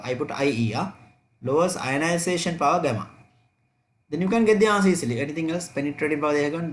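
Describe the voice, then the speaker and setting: A man teaching an online chemistry revision class, repeating key points and checking students' answers aloud. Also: fairly high pitch.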